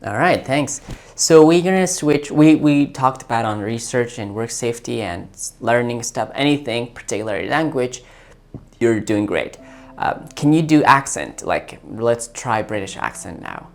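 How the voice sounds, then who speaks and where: A man hosting a tech video, talking informally and eagerly, often halting and repeating words as he chats with an AI assistant and his viewers. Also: medium pitch, expressive, gravelly. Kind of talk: casual talk to an AI voice assistant and to viewers.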